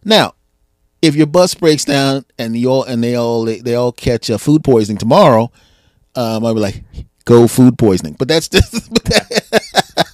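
A man guest on a podcast, telling stories in casual sports banter, animated and full of restarts. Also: medium pitch, moderate pace, no room sound, studio quality. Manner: animated storyteller, frequent restarts, laughs at own jokes.

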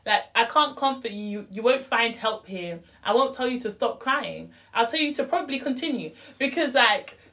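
A woman's voice: on the high side, lively intonation, moderate pace, few pauses, a bit bright, distant mic, low-quality recording. Impassioned young woman, slightly off-mic. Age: young adult. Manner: impassioned, rising to a heated rant. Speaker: podcast co-host. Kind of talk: casual chat.

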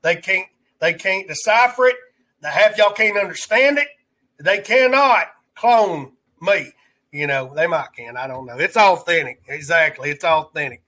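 A man with a thick rural Alabama twang talks in a bright, forceful voice that sits a little high for a man. He hosts a loose live-stream chat, wandering from point to point and tossing greetings and jokes to viewers. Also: lively intonation, moderate pace. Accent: Alabama Southern rural twang. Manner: rambling, greets viewers in chat, joking asides. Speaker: livestream host.

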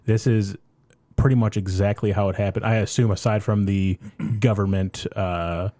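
Chill guy on a podcast, lowish voice, pokes fun at himself, swears a bit. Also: normal speed, dry recording. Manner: relaxed, self-deprecating, swears. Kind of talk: casual podcast chat.

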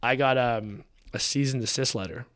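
Young man from Canada, guest storyteller: casual, animated, acts out quotes, swears freely. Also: medium pitch, normal speed. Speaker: podcast guest, drinks founder.

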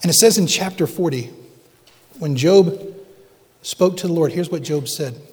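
A pastor delivers a sermon in a somewhat high voice, earnest and dramatic. He reads a story aloud, sometimes falling to a hush. His words ring with the long reverb of a church sanctuary. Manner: earnest, dramatic readings with hushed pauses.

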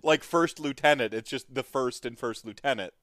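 A man's voice: mid-range voice, moderate pace, fairly bright tone, no echo. Guy hosting a hobby podcast, rambly and upbeat, dry close sound, lots of ums. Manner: rambling, lots of filler words and restarts; laughs often, friendly and upbeat. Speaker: podcast host. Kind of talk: casual hobby podcast chat.

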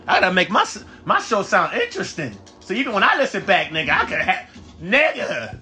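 A man calls out a shooter game on a live stream, cursing at his teammates and jumping into shouts. His voice sits high and swings widely in pitch. The sound bounces around an echoey room. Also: brisk. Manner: profane, trash-talking teammates; excitable, bursts into shouting. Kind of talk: live gameplay commentary.

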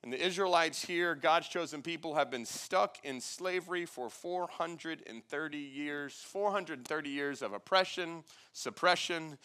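Bright-voiced preacher man. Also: a little high. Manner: call-and-response preaching, swelling loud on key lines; playful asides to the congregation. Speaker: pastor. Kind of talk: sermon. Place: church sanctuary with congregation.

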